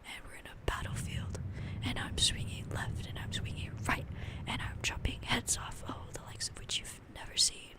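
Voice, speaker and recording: A woman's voice: moderate pace, lightly acted. A woman voicing an ancient, bloodthirsty talking sword, gleefully gloating over each kill in a whispered role-play.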